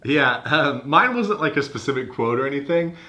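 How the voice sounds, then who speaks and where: A man's voice: mid-range voice, lively intonation, normal speed, pushed and bright. A man on a casual movie-review podcast, talking in a giggly, amused way. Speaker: podcast co-host.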